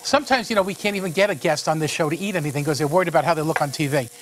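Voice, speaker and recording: A man hosts a home cooking segment, chatting while he cooks. His voice sits high and the words tumble out fast. He keeps it folksy and enthusiastic. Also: slight background noise. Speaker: cooking show host, a monsignor.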